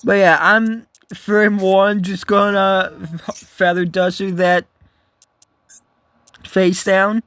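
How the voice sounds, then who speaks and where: High-voiced man rambling over gameplay. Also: flat delivery, slow pace, pauses often, fairly bright tone, smooth, no echo. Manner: rambling, profane, restarts sentences a lot. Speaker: gaming video creator. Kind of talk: casual gameplay commentary.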